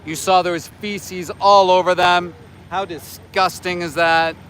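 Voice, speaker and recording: A man's voice: high voice, little pitch movement, unhurried, a bit bright, slight background noise. A man in his forties livestreaming outdoors as an activist, talking back to his chat with scolding sarcasm. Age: 40s. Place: outdoors near a slaughterhouse by homes.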